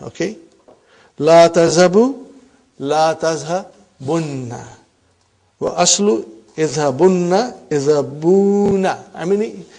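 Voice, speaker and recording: Teacher quizzing his class, mellow voice. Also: a little high, vocal fry. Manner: explains and quizzes students with frequent "huh?". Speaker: Arabic teacher. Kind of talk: classroom grammar lesson.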